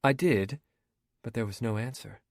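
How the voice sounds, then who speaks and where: A man's voice: mid-range voice, normal speed, gravelly, no echo, clean studio sound, natural voice. A man reading an audiobook, voicing a bold young woman filmmaker who asks direct, eager questions. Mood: curious.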